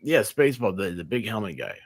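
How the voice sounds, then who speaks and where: A man's voice: lowish voice, sing-song, brisk, no room sound. A man co-hosting a casual livestream, rambling through anecdotes and acting out quoted lines while laughing mid-sentence. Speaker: livestream co-host. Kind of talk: casual storytelling chat.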